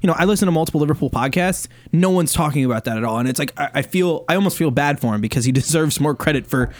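A man's voice: a little high, expressive, fast, dry recording. A man chatting on a sports podcast, heated and rambling, full of fillers and restarts. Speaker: Liverpool fan podcast co-host. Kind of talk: casual chat.

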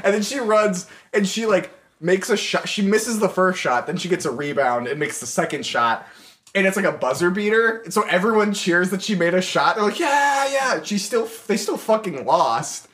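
Young male co-host, fairly high voice, very lively delivery, acts out quotes in casual recap chat. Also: normal speed. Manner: animated storytelling, acts out quoted characters. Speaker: podcast co-host.

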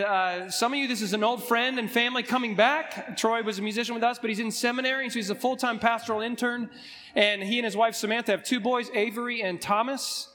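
A male pastor with a voice hoarse from a recent illness, chatting through church announcements in a relaxed way with frequent ums. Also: high voice, long reverb tail. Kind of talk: pulpit announcements before a sermon. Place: church sanctuary.

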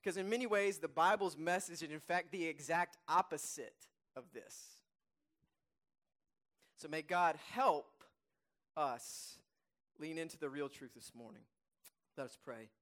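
A male pastor preaching a sermon, emphatic and repeating key phrases, and reading scripture aloud slowly and softly. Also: fairly high pitch.

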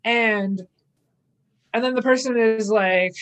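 A woman's voice: medium pitch, normal speed. A young woman co-hosting a casual podcast, retelling a plot with many fillers. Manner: casual, filler-heavy, acts out quoted lines. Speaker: podcast co-host.

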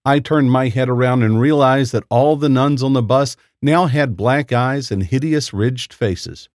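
A man narrating a first-person horror story in a lively, expressive storytelling voice. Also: medium pitch, a little slow, no echo, studio quality. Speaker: story reader.

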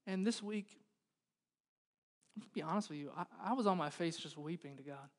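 A man in his thirties, a pastor preaching a sermon in a church, moving from loud pleading to hushed intensity. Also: fairly high pitch, moderate pace. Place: church hall.

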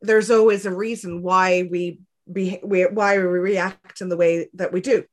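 A woman talking as a podcast guest, relaxed and conversational, with a gentle, reflective manner and plenty of soft fillers. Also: on the low side, a little slow. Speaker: guest, clinical psychologist. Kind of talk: casual conversation.

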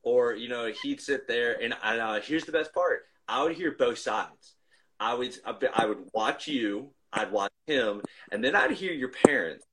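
A man's voice: mid-range voice, lively intonation, unhurried, fairly bright tone, a little hiss or hum, low-quality recording. Rambling man reminiscing on a call. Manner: rambling, restarts often, reminiscing. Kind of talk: casual chat.

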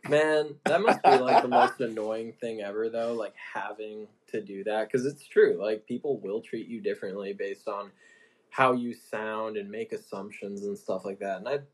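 Low-voiced easygoing man asking questions. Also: normal speed. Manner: relaxed, easygoing, hesitant with ums. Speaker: co-host asking questions, host's fiancé. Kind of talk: casual chat.

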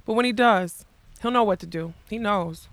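A woman voicing a weary middle-aged male magician who speaks slowly and quietly, reading a storybook aloud in a dry room. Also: medium pitch, no echo, close to an everyday voice. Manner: slow, quiet, tired.

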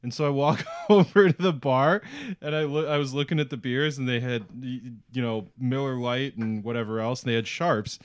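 A man's voice: mid-range voice, normal speed, clear, resonant tone, no echo. A young man co-hosting a podcast, telling stories in playful, teasing chat. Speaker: podcast co-host. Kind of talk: casual chat.

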